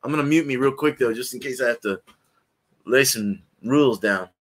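A man's voice: mid-range voice, moderate pace. A man hosting a live beer review from his home, chatting casually in a rambling, laid-back way and laughing often as he greets viewers by name. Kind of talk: casual live-stream chat. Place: at home, indoors.

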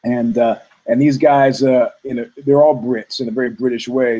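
A man's voice: medium pitch, steady tone, a little fast, dark tone, rough recording. A man hosting a talk show, rambling through a profane story full of restarts and asides. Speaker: host.

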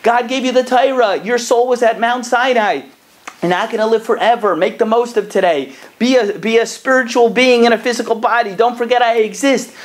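A man's voice: very high-pitched, brisk, voice pushed up. The urgent inner voice of the soul, as a man puts it on, pleading and emphatic. It comes across raised and drawn out, with each reminder pressed home. The delivery is that of a teacher acting out a voice inside the listener. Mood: urging.

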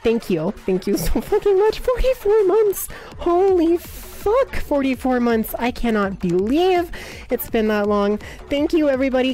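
A woman streamer greeting her chat in a live stream, excitable and squealing, swearing freely over faint background music. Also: a little high.

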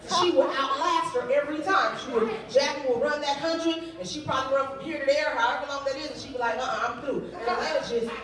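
A high-voiced woman preaches a lively sermon, leading her congregation in call and response with a playful touch. Her voice comes from far off and rings through a very echoey hall. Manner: lively, humorous, leads congregation in repetition. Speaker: youth day speaker. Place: church sanctuary.

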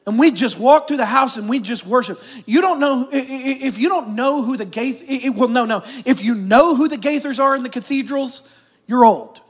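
A man with a very high voice preaches a sermon. He is middle-aged and moves between animated, raised passages and quiet, hushed ones. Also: moderate pace. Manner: animated preaching with sudden soft, hushed stretches. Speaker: pastor.

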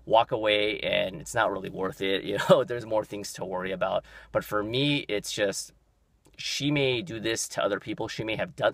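A young man telling a story casually, venting, who gets louder and higher-pitched when he is indignant. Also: no echo. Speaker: vlogger.

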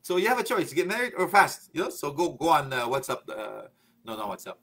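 A man's voice: a little high, very animated, fairly quick, a bit bright. A middle-aged man giving an informal religious talk as a preacher, chatty and joking, laughing often and sprinkling in Arabic phrases. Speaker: Islamic preacher.

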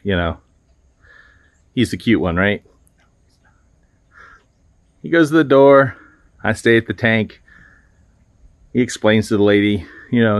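A man's voice: lowish voice, measured pace, pauses often, no room sound. A man who works as a septic pumper, telling a work story in a dry, matter-of-fact, joking way. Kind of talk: storytelling narration.

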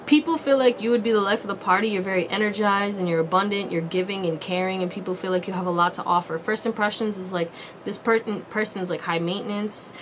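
A woman's voice: medium pitch, fairly even intonation, fast talker, a bit bright, a little hiss or hum. A woman giving a casual pick-a-card tarot reading to viewers, chatty and slangy with frequent laughs. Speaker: tarot reader.

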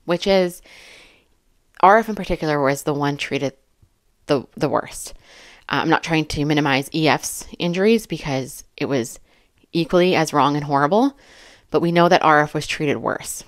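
Reading items off a list and commenting on every one, this woman in her thirties keeps a low voice and normal speed, sounding a bit winded. She's a YouTuber doing casual commentary, chatty and filler-laden, laughing between comments, on a dry, studio-quality track.

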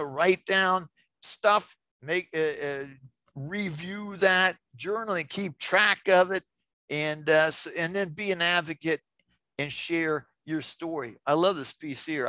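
An older man giving an informal, enthusiastic webinar presentation on self-care, filling pauses with "uh" and "you know" and getting louder when excited. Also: fairly high pitch, no room sound. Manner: enthusiastic, gets loud when excited, many fillers.

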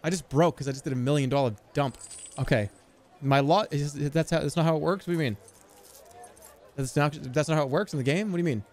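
A man streaming a game live, giving excitable, profane, self-mocking commentary as he plays. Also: a little high, fast.

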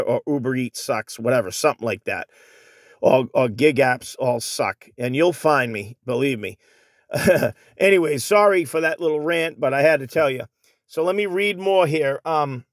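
A man's voice: fairly high pitch, dry recording, clean studio sound. A man hosting a casual vlog, reading viewer comments and ranting with frequent restarts, calling his viewers folks. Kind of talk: casual rambling vlog talk. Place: Phoenix area.

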